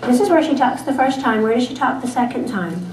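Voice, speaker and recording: A woman teacher leading a small reading group of children, patient and encouraging and quick to praise. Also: a little high, expressive, a little mellow, a little hiss or hum. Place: classroom. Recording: echoey classroom, distant mic.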